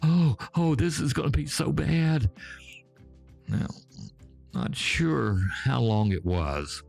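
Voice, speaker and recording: A man in his seventies with a Georgia accent telling folksy tales in an unhurried way, talking straight to his listeners. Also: low voice, a little mellow. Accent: Southern US, Georgia. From Georgia, USA. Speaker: storyteller host. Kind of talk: folksy spoken storytelling. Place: back porch.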